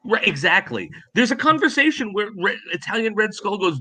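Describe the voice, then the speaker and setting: Animated high-voiced man riffing. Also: fairly quick, hardly any pauses. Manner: animated, sarcastic, laughs often. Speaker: podcast co-host. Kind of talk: casual chat.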